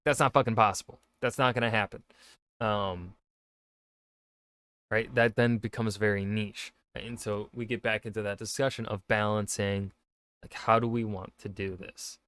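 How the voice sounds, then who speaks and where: A man's voice: on the low side, fairly even intonation, normal speed, fairly bright tone, clean tone, no room sound. A man, an author, giving casual reaction commentary, rambling with many fillers and restarts. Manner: rambling, lots of fillers and self-corrections.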